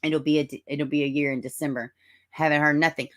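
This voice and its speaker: Southern woman, low voice, chatty livestream host who calls viewers honey. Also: flat delivery, fairly quick. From Middle Tennessee, US. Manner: chatty, drawling, greets viewers as honey and baby. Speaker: true-crime livestream host. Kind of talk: casual livestream chat reading comments.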